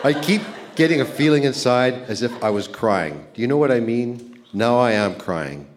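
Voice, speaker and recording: A man's voice: mid-range voice, expressive, moderate pace, noisy background. A man in his sixties reading his old love letters aloud on stage, playful and amused. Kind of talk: reading aloud to a live audience. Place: live event stage.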